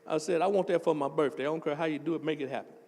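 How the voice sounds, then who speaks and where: An older man, preaching a testimony sermon as associate pastor and telling a story that builds up into shouting. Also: on the high side, rapid-fire, long reverb tail. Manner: animated storytelling, swells into shouting.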